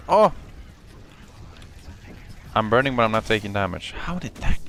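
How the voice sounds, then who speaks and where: A man giving live commentary on his own gameplay, excitable, swinging between muttering and yelling, and cursing often. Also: fairly low pitch, normal speed, slight background noise. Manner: curses often. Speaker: gameplay streamer.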